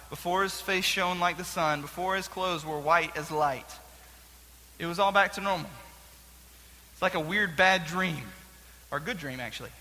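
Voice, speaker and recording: Chatty, animated and joking a lot, a young youth pastor runs a casual Bible lesson for a group. He speaks in a high, very bright voice, and a long hall reverb follows his words.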